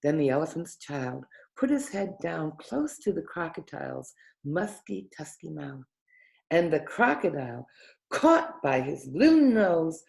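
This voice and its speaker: A woman reading a children's story aloud in a gentle, expressive storytelling manner. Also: on the low side, gravelly.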